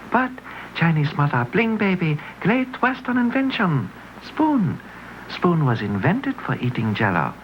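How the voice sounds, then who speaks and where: Guy doing a whispery broken-english cartoon ad narrator, bouncy pitch, muffled old tv sound. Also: a little hiss or hum. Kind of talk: 1950s animated TV commercial narration. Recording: dull vintage TV soundtrack.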